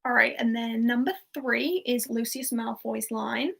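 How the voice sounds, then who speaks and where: A chatty young woman hosts a quiz over a livestream, her voice sitting a little high. She reads out answers casually, with small laughs and asides. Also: steady tone, a little slow, vocal fry, breathy edge. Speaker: pub quiz host.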